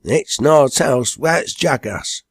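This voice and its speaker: A man voicing an excitable young village lad with a broad Lancashire accent, talking raised and eager. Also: medium pitch, slow, slightly rough, dry recording, clean studio sound, voice pushed up, full character voice. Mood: excited.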